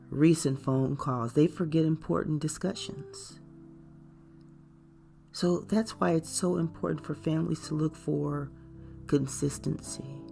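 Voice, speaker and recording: Earnest woman with a gravelly voice. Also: sits low, warm tone. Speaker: caregiver educator. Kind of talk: informative talk to camera.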